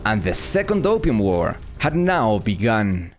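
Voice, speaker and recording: A man narrating an animated history story in a brisk, matter-of-fact way. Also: on the low side, music in the background. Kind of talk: scripted narration.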